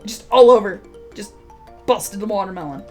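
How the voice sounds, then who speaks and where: A woman's voice: mid-range voice, expressive, moderate pace, a little mellow, faint music behind. A young adult woman vlogger telling a rambling, laugh-filled story in casual talk, swearing freely.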